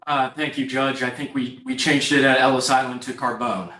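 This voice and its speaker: A man's voice: mid-range voice, fairly even intonation, normal speed, pushed and bright. Lawyer guy making his case point by point, sounds far off in an echoey room. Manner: formal, structured, numbered points. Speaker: attorney for the agency. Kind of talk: courtroom oral argument. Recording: echoey courtroom, voice far from the mic.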